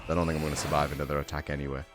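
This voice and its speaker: A man's voice: a bass voice, little pitch movement, rapid-fire, music in the background. A young man streaming a game, talking in a tired, rambling way full of fillers and casual swearing. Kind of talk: casual gameplay commentary.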